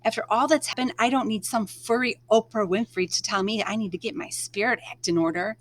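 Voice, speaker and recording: Woman, read-aloud storytelling, first-person narration, measured, expressive. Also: medium pitch. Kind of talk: reading a novel aloud.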